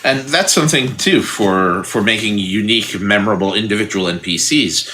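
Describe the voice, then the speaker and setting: A man's voice: lowish voice, normal speed, sharp tone, slight background noise. A man co-hosting a podcast about tabletop games, chatting casually with dry jokes and explaining points with examples. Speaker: podcast co-host.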